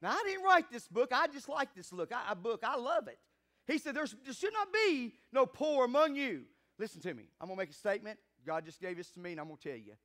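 A man preaching a sermon as pastor, fervent and calling for responses from the congregation, rising to loud emphatic peaks. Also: high-pitched, very animated, fast.

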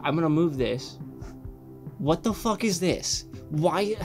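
A young man hosting a reaction channel, rambling excitedly and swearing often in casual commentary. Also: a little high, takes it slowly, faint music behind.

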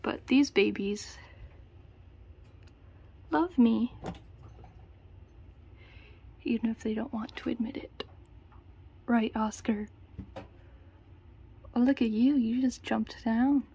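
A woman's voice: on the high side, takes it slowly, creaky, long pauses, dark tone, dull audio, slight background noise. A young woman vlogging casually, talking to her pet rats in cooing baby talk and sometimes whispering.

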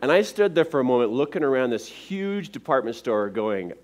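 Animated, lively male seminar speaker. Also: medium pitch, a little fast. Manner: animated, acts out the dialogue in his stories. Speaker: motivational speaker. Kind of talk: personal story in a live seminar. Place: speaking to a live audience.

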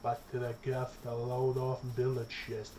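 A young man giving casual let's-play commentary, excitable and profane, chattering to his in-game pet as he plays. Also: medium pitch, moderate pace, a little hiss or hum. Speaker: gaming streamer.

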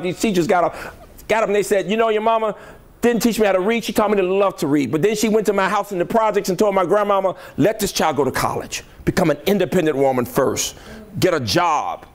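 Older man, southern-born, motivational keynote, fairly high voice, emphatic, rhetorical. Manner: rhetorical, emphatic, checks in with the audience. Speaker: keynote speaker, college president. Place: conference hall.

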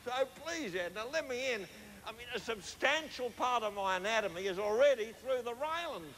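A man's voice: extremely high pitch, lively intonation, normal speed, a bit bright, a little hiss or hum, poor audio. A man playing a boorish, drunken middle-aged Australian diplomat with an Australian accent, talking in a brash, pleading, crude way.

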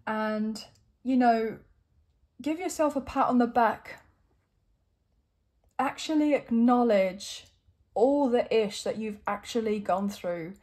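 Soft-toned woman giving an encouraging tarot reading. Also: on the high side, slow pace, pauses often. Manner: warm, encouraging, emotional, gets choked up. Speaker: tarot reader.

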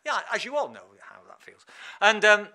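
Chatty man, lay preacher in church, lively pitch, ringing bright tone. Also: moderate pace. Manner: chatty and animated, laughs often. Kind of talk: informal sermon.

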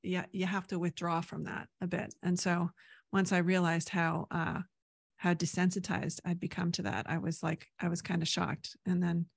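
Brief: woman raised in Canada, podcast guest, gravelly voice, chatty storyteller with lots of "right?", dry close sound. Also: lowish voice, little pitch movement, normal speed, dry recording. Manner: rambling storyteller, many "right?" tags. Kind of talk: casual interview chat.

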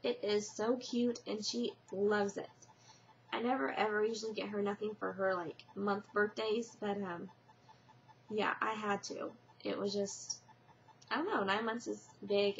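Rambling young mother with a gravelly voice. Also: fairly high pitch. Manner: rambling, many fillers and restarts. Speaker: vlogger. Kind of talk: casual confessional vlog. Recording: muffled lo-fi webcam audio with faint hiss.

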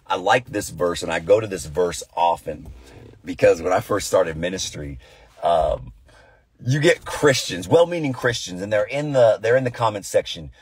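A man in his thirties, a pastor giving a devotional talk, telling stories with animated, acted-out voices. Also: low-pitched, normal speed, slight background noise. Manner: animated storytelling, acting out voices. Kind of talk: devotional sermon.

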